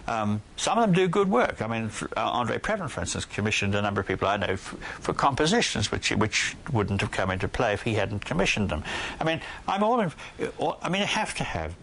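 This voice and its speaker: A man's voice: lowish voice, big pitch swings, a little fast, gravelly, fairly bright tone, slight background noise. An older man from Australia, a poet guest in an interview, talking in a hesitant way with many restarts. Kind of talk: interview conversation.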